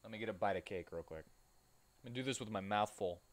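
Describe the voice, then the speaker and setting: A man's voice: on the low side, fast talker. A young man streaming a game, reading its text aloud and breaking off for playful, jokey asides. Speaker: gaming streamer.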